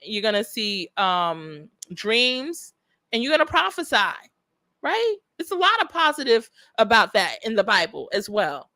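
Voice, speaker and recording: Brief: woman livestream host, excitable and chatty, bright voice, dry close sound. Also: a little high, unhurried, no room sound. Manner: animated, excitable, reads viewer comments aloud. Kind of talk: casual livestream chat reading comments.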